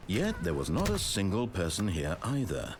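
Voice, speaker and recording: A man voicing a dry, all-knowing male narrator of a video game, telling the story in a measured, wry storybook manner. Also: low-pitched, huge pitch swings, noisy background, full character voice. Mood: narrating. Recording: narration over game music.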